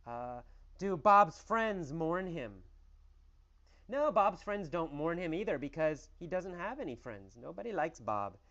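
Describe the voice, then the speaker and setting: A man's voice: fairly high pitch, big pitch swings, unhurried, a bit bright, dull audio. A man teaching English through a story, asking questions and answering them himself with exaggerated emphasis.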